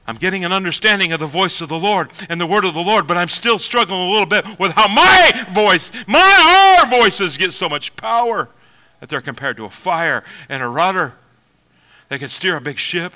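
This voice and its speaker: A man preaching a sermon, moving from quiet reflection to shouted, high exclamations, with laughs between points. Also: expressive, normal speed, rough recording. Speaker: pastor.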